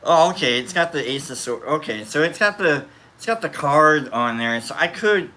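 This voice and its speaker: A man casually chatting on a livestream as its host, rambling and playful, quick to get excited. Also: fairly high pitch.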